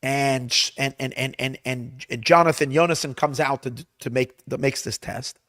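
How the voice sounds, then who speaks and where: A man, a rabbi teaching a class, retelling a Bible story with Hebrew translations in an animated way, often restarting his phrases. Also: medium pitch, normal speed, no echo, studio quality. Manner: animated storyteller, acts out lines loudly; restarts and repeats words often.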